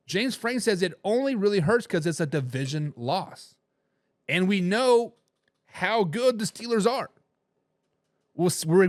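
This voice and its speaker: A man's voice: high voice, dry recording, clean studio sound. A man hosting a sports talk show, chatting animatedly and rambling while addressing viewers directly. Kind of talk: casual sports commentary.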